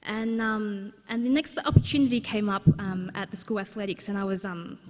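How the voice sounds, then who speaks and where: A woman's voice: mid-range voice, steady tone, moderate pace, darkish tone. Woman telling stories in a hall. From Australia. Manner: humorous, anecdotal, frequent fillers. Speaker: speaker at a book launch. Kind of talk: personal storytelling talk. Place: large exhibition hall, live audience. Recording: long hall reverb.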